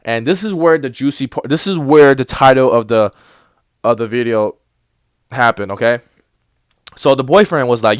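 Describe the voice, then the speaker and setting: A young man in college recounts a personal story in a casual storytime vlog. His voice is smooth and clear at an ordinary pitch. He rambles, restarts his sentences and acts out quoted exchanges, recorded dry with no room sound. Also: normal speed, long pauses, no echo. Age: young adult. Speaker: vlogger telling a story.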